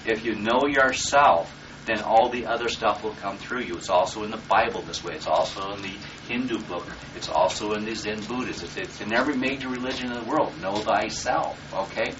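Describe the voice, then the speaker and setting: Here a man teaching a live seminar speaks a little fast at a fairly low pitch, bluntly and with profanity. He keeps asking his listeners "okay?" and "does that make sense?" The audio is distant, dull and lo-fi, captured in a room with faint noise.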